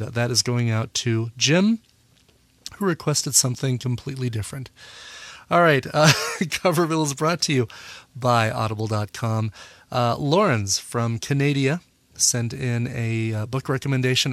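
A man's voice: mid-range voice, moderate pace, no echo. Man hosting a podcast, dry sound. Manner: relaxed, full of "uh" fillers and self-corrections. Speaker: podcast host. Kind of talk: casual radio-style podcast chat.

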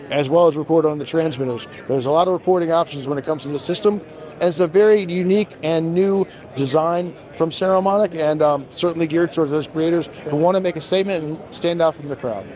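A man, a brand marketing manager, enthusiastically demonstrating products at a trade show while he is losing his voice. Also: a little mellow. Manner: enthusiastic, fast product pitch.

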